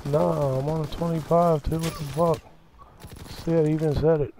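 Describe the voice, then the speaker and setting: Male gamer, slightly high voice, quick boastful callouts, gunfire behind. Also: level tone, mellow, a little hiss or hum. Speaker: online game player. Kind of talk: casual gaming chat. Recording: game chat under gunfire.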